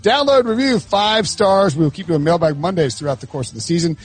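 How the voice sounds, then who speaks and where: A man's voice: high voice, a little fast, breathy edge, soft background music. A man hosting a sports podcast in casual, joking chat that rambles with restarts. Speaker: podcast host.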